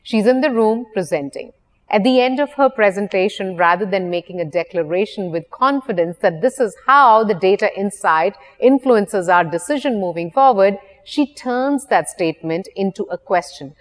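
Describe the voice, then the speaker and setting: Woman storytelling coach, measured and explanatory, mid-pitched, long reverb around her. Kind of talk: short weekly video talk.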